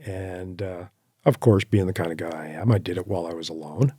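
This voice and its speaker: A man as a podcast guest, telling animated hunting anecdotes with quoted asides and laughs. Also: sits low, a little fast, husky, no echo, studio quality. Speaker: podcast guest, horseback hunter. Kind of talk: casual interview storytelling.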